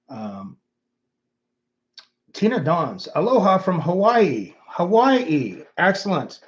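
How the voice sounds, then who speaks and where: Hosting a casual livestream on his own channel, a middle-aged Canadian man reads viewers' comments aloud, musing and rambling with plenty of fillers. His voice is a little high, and the audio sounds dull.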